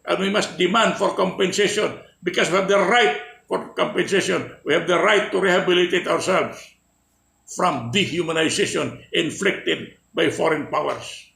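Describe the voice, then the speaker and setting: Male orator, impassioned and emphatic, with a heavily gravelly voice. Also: high voice, bright, forceful tone, echoey room, poor audio. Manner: oratorical, slow emphatic declarations. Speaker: political speaker. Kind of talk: impassioned speech.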